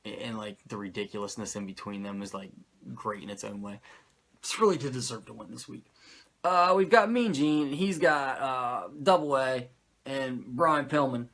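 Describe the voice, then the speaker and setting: A man hosting a podcast, recapping a show in animated, profane, sarcastic casual chat. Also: medium pitch, normal speed. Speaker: podcast host recapping wrestling.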